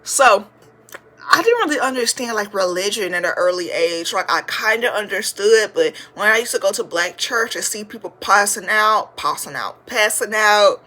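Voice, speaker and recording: A woman in her twenties hosting a podcast, telling a funny story in a chatty, slangy way, sometimes breaking into loud shouted praise. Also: mid-range voice, lively intonation, normal speed. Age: 20s. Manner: slangy, chatty, addresses listeners as y'all. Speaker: podcast host. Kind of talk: casual storytelling to listeners.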